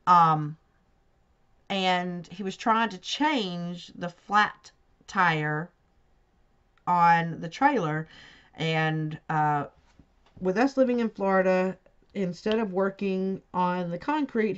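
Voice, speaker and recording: A woman's voice: fairly low pitch, clean tone. A woman chatting casually while she crafts, telling a story at a rambling pace and correcting herself along the way. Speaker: crafting vlogger. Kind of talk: casual chat while diamond painting. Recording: dull lo-fi home recording.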